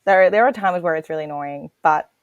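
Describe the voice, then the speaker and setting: A woman's voice: low-pitched, fairly quick, muffled recording, crowd noise. A young Australian woman chatting as a podcast guest, laughing often and full of fillers. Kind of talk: casual chat.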